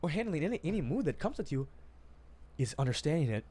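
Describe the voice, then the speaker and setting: Fast-talking young man hosting a podcast. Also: on the high side, sing-song, mellow. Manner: fast, emphatic, calls listeners dude and bro. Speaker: podcast host. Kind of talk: casual podcast chat.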